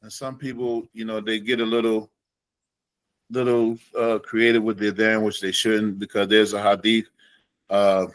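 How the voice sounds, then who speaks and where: A man teaching an Islamic studies class in a relaxed way, slowing down to demonstrate Arabic phrases. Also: lowish voice, no room sound, poor audio.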